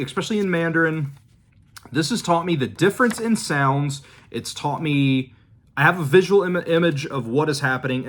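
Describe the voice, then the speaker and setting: A man in a casual vlog, relaxed and rambling, thinking aloud with fillers and restarts while he shows his flashcards. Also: mid-range voice. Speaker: language-learning vlogger. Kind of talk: casual demonstration talk.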